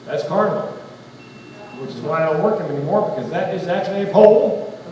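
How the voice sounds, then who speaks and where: A man's voice: high-pitched, fast, dark tone. A middle-aged man with a Southern US accent doing stand-up comedy, telling stories and acting out voices in quotes. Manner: storytelling, acts out voices in quotes. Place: large hall on stage. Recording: roomy hall from a distance, audience noise.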